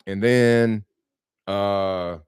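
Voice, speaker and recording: A man hosts a casual live stream about real estate wholesaling, telling stories animatedly in slang and laughing a lot. His voice is fairly low and smooth, with drawn-out words, in clean studio sound without echo.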